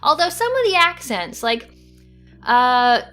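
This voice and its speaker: A woman's voice: high-pitched, very animated, measured pace, sharp tone, soft background music. A woman co-hosting a casual podcast, chatting loosely about movies with lots of fillers. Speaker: podcast co-host.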